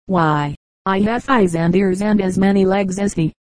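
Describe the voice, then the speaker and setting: A woman's voice: medium pitch, normal speed, a little mellow, dry recording, lightly acted. A woman voicing a proud, boastful male rat in a storybook fable. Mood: scornful boast. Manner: scornful, boastful.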